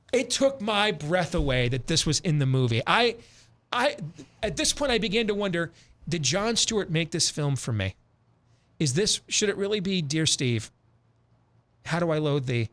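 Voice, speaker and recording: Emphatic, animated male talk host. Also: high voice, unhurried. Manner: emphatic, animated storytelling with repetitions. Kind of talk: opinionated radio talk.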